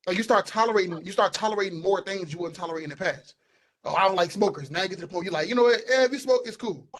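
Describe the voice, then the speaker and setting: A young man holds forth on a casual podcast, fairly high in pitch. He is animated and emphatic and circles back over the same words to drive a point home. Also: low-quality recording. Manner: animated, emphatic, repeats himself for stress. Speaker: podcast co-host. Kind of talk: casual opinionated chat.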